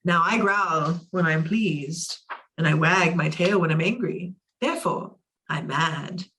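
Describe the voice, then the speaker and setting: A woman reading aloud voices a grinning, teasing, mysterious cat with a slow drawn-out delivery. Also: lowish voice, a bit bright, far from the mic, a little hiss or hum.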